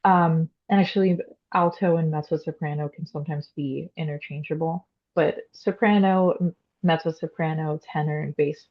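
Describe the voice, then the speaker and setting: A young woman, classically trained as a soprano, gives an explanatory rundown of voice types in an informal interview, filled with "um" and "like." Her low-pitched voice holds a steady tone at a moderate pace. The recording is muffled.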